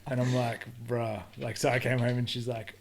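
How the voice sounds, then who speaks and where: A young man with an Australian accent chatting casually on a podcast, telling lively stories, swearing freely and acting out what people said. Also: medium pitch, moderate pace, a little hiss or hum. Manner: animated storyteller, swears freely, acts out quotes in voices. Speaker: podcast guest. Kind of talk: casual chat.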